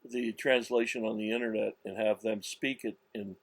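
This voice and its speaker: A man giving a slow, insistent religious monologue, with many restarts and stressed words. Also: on the low side, steady tone, no echo. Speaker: religious commentator. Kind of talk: self-recorded religious monologue.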